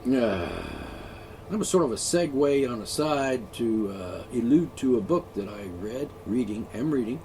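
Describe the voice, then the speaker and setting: A man's voice: mid-range voice, animated, measured pace, a little mellow, a little hiss or hum. Profane, sarcastic ranting man. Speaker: ranting vlogger. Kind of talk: angry solo rant.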